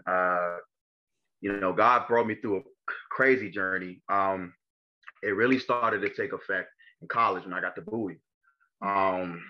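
Muffled audio captures a young Maryland man with a low voice recounting his personal testimony as an interview guest. He speaks haltingly, full of fillers and repeated starts.

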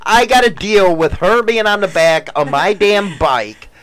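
Teasing, foul-mouthed man, high voice. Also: lively intonation, unhurried, fairly bright tone. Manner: teasing, swears a lot. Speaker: podcast host. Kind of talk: casual chat.

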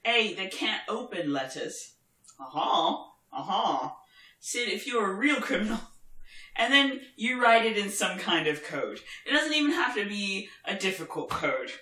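A woman in casual podcast chat who rants with gusto, swears freely and laughs a lot. Her voice is bright and forceful. The recording carries a roomy echo. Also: mid-range voice, measured pace. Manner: animated, ranting, swears freely, laughs often. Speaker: podcast co-host.

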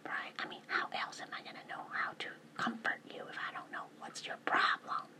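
A woman's voice: brisk, sharp tone. A woman talking in a whisper, rambling from one thought to the next and asking rhetorical questions. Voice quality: mostly whispered. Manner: rambling, jumps between topics, asks rhetorical questions.

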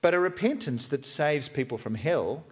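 A man preaches a sermon in a church hall, in a conversational, joking way that keeps slipping into acted-out quotes. His voice sits a touch high and swings widely in pitch. A long hall reverb trails every phrase. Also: lively intonation, moderate pace, slightly rough. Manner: conversational and humorous, acting out quotes. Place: church hall with live stream.

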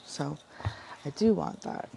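A woman chatting casually about her Bible devotions, rambling and correcting herself often, with a heavy vocal fry. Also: slow pace, warm tone, slight background noise, rough recording. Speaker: vlogger sharing Bible devotions.

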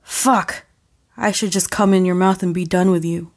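A woman's voice: lowish voice, steady tone, moderate pace. A woman voicing a dominant young man who speaks in curt commands. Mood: commanding.

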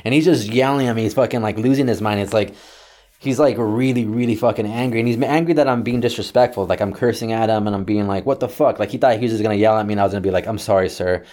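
A young man telling a story casually, swearing a lot and acting out shouted quotes. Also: fairly low pitch, fast. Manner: profane, animated, acts out yelling quotes.

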